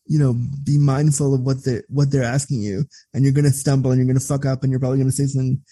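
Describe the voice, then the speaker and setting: Blunt, profane man with a husky voice. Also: mid-range voice, fast talker, dry recording. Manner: blunt and profane, animated when telling stories. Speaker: interview guest. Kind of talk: candid conversational storytelling.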